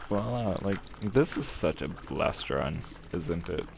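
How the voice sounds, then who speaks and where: Young male gamer, low gravelly voice, unhurried, swears freely, noisy home recording. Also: animated. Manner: rambling, swears a lot, filler-heavy. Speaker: gaming commentator. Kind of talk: casual gameplay commentary.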